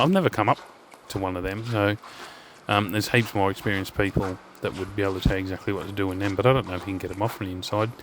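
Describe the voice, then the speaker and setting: Low-voiced Australian man rambling in a drain. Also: a bit bright, a little hiss or hum. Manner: rambling, swears freely, sidetracks. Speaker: urban explorer and channel host. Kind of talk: casual storytelling while walking. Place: storm drain tunnel.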